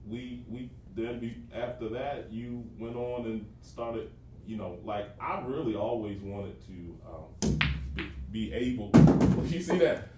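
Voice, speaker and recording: An older man and father chatting casually with his grown sons, rambling and restarting his sentences. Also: medium pitch. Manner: rambling, halting, many fillers and restarts. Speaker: father and teaching pastor. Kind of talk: casual family chat. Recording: roomy, distant mic with faint noise.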